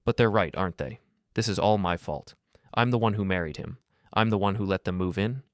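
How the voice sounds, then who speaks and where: A man voicing a frightened young married woman in a story, hushed and self-blaming. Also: low-pitched, fairly quick, no room sound, studio quality. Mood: distressed.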